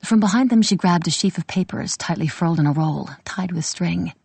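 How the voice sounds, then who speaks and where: A woman reading a historical novel aloud as an audiobook narrator, steady and measured. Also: fairly low pitch, gravelly, slightly rough, no room sound.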